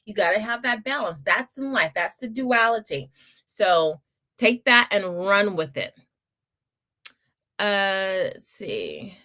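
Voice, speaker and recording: A woman's voice: medium pitch, big pitch swings, slow, pushed and bright. A middle-aged woman hosting a casual livestream, reading viewer comments and giving encouraging, chatty advice with laughs and restarts. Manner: Southern-style address to viewers. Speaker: homeschool channel host.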